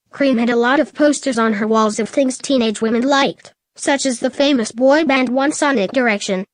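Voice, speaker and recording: A woman narrating a comedic fan story in a flat, deadpan reading. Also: high-pitched, no room sound.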